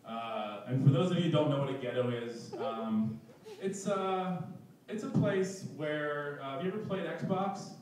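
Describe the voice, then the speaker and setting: A man's voice: fairly high pitch, measured pace, a little mellow, a little hiss or hum. A young man telling a personal story at a live event, self-mocking and laughing through his lines. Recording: echoey room, distant mic.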